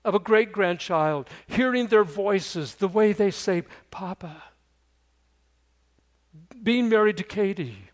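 An older man preaches a sermon at a slow, deliberate pace. His voice sits fairly high for a man. He swings from lively, raised storytelling to quiet, earnest pleading. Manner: earnest, shifts from loud storytelling to hushed pleading. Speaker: pastor.

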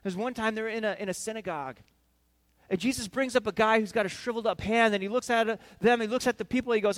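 High-voiced animated male preacher. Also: fast. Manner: animated storytelling, acting out scenes. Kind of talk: sermon.

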